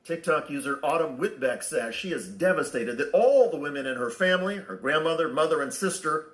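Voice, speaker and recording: A man's voice: a little high, expressive, fairly quick, fairly bright tone, reverberant. A man reading scripted news narration in a pointed, editorializing way.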